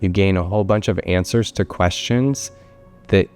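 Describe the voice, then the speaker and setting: A male psychotherapist giving a measured talk, explaining through parables and sometimes repeating words. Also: low-pitched, a little mellow, smooth, soft background music.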